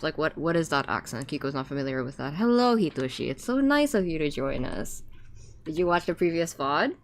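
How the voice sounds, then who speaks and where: A woman's voice: sits low, sing-song, brisk, slight background noise. A woman streamer chatting casually to her viewers while playing a game, rambling with fillers and restarts. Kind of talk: casual gameplay commentary.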